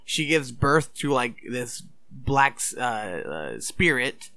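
Bright-voiced playful man chatting. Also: medium pitch, big pitch swings, slow. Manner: laughing, playful. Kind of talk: casual chat.

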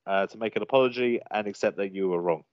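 A man's voice: lowish voice, fast, dry recording. A man from England co-hosting a casual podcast, reading list items aloud and laughing often. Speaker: podcast co-host. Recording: dull lo-fi sound.

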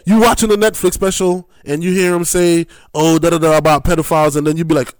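A man co-hosting a podcast in casual chat, quick, emphatic and profane. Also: no room sound. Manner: quick, emphatic and profane, with lively swings of pitch. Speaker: podcast co-host.

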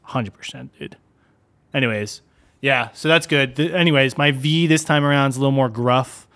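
This podcast co-host is a young man with a mid-range voice and a moderate pace. His casual chatter wanders loosely, sprinkled heavily with "like," "dude," and other fillers in a laid-back way.

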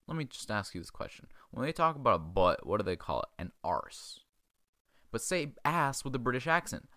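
A man's voice: mid-range voice, a bit bright, no echo, clean studio sound. A man hosting a comedy podcast, rambling crudely in casual chat and chuckling as he goes. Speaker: podcast host.

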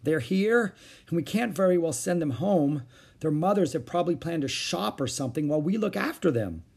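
A man's voice: on the high side, expressive, a little fast, gravelly, a little mellow, breathy edge, pitched above the performer's own voice, full character voice. A man doing a flustered, firm mother. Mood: anxious. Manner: anxious yet firm.

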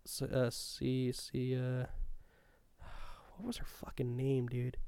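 A man's voice: mid-range voice, completely flat delivery, takes it slowly, creaky, mellow, clean tone, no echo. A man in casual chat, recalling school days with a rambling, profane manner and frequent laughs. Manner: stops to look things up mid-talk. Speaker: co-host reminiscing about school days.

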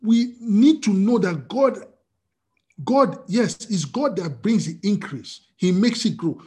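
A male pastor preaches with a mid-pitched voice that leaps up and drops down in lively swings. He fires questions at his listeners and answers them himself. It is a streamed church service. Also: slow pace. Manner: animated preaching with call-and-response questions. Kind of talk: sermon.

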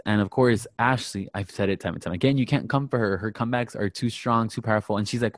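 Low-voiced man, dry close sound. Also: fast, hardly any pauses, dry recording. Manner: animated storyteller acting out quotes. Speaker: podcast co-host recapping reality TV. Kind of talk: casual chat.

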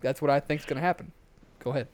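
A man's voice: a little high, steady tone, fast talker, darkish tone, slight background noise. Profane, ranting young man. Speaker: podcast co-host. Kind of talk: casual podcast chat. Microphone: headset.

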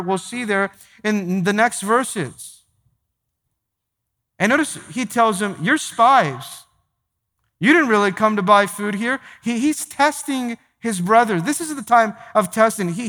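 A pastor preaching a sermon to his church, emphatic, repeating phrases and slowing down to stress key points. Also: high voice, bright, forceful tone. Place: large church sanctuary. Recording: long hall reverb.

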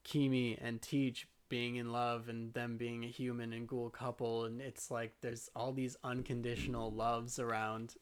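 A woman's voice: rumbling low, flat delivery, measured pace, hardly any pauses, smooth. A young woman co-hosting a casual podcast, gushing earnestly about an anime and swearing casually. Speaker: podcast co-host. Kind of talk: casual chat recapping an anime.

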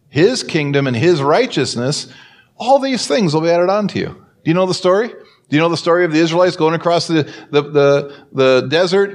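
A man preaching a sermon as pastor, telling a story and acting out the quoted voices with big swings in pitch.

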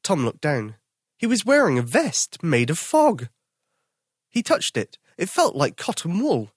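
Expressive children's storyteller, dry close sound. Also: medium pitch, a little slow, slightly rough, no echo.

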